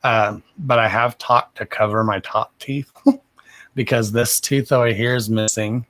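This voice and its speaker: A man's voice: mid-range voice, steady tone, unhurried, a bit bright. A man, mumbling as he chats casually and profanely on a livestream as a card reader. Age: 30s. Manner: profane, rambling and self-deprecating.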